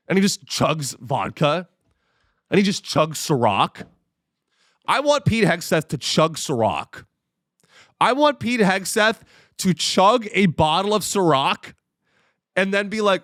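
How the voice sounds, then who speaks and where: Male comedian host, profane sarcastic rant, animated pitch. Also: a little slow, dry recording, studio quality. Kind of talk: comedic ranting monologue.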